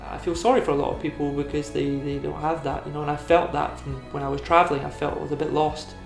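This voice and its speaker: A man's voice: a little high, little pitch movement, fast talker, gravelly, echoey room, faint music behind. A Scottish man from Edinburgh, a tattoo artist talking in a documentary interview, rambling and full of "you know". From Edinburgh, Scotland.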